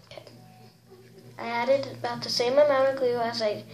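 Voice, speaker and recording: A woman's voice: on the high side, flat delivery, normal speed. A young woman casually filming a craft tutorial, giggling, unsure of herself and often saying sorry. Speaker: vlogger. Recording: echoey room with loud noise.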